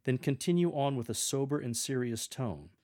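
A man giving measured, earnest instruction on how to read scripture aloud to a congregation. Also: mid-range voice, darkish tone. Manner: measured, earnest, with demonstrated readings. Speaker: lector coach.

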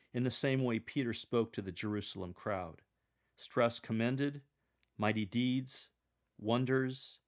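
A man giving measured, deliberate coaching on how to read Scripture aloud. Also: fairly low pitch. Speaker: instructor for Scripture readers.

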